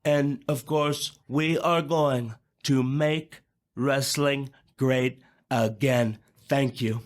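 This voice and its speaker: A man's voice: mid-range voice, fairly even intonation, extremely slow. A man playing a boastful older male president who tells crude jokes in a rambling, repetitive way. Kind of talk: comedic impression in an audio play.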